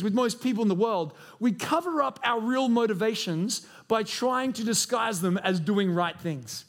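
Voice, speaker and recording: With an energetic, rather high voice, a young man preaches as a pastor. He often breaks into short imitated voices when quoting people in his stories.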